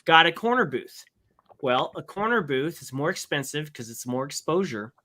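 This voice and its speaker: A man on a podcast casually telling an animated story, acting out both sides of a conversation. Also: on the high side, moderate pace. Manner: animated anecdote with quoted exchanges. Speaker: podcast co-host.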